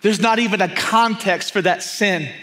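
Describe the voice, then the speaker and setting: High-voiced preacher, emphatic. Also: male voice, normal speed. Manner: emphatic, repeats key phrases, drops to hushed intensity. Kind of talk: sermon.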